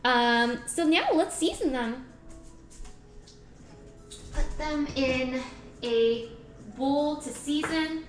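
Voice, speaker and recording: A woman livestreams from her home kitchen while she cooks, her voice high-pitched, her words drawn out and broken by long pauses. Faint music plays behind her as she reads viewers' chat aloud, answers it and swaps puns playfully.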